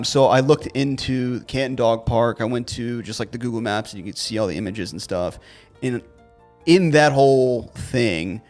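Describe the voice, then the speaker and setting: Baltimore man, podcast co-host, meandering storyteller, faint music in the background. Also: mid-range voice. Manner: rambling storyteller, many fillers. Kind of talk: casual chat.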